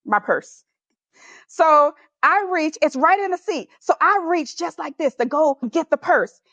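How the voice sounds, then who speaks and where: A woman's voice: sits high, animated, measured pace, fairly bright tone, no room sound. A woman guest on a podcast, animatedly telling a personal story and laughing often as she goes. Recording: slightly dull, dry recording.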